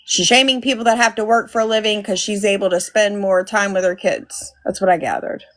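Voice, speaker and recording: A woman's voice: medium pitch, steady tone, brisk, a bit bright. A woman hosting a casual live commentary stream, blunt and profane, thanking viewers by name. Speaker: livestream host.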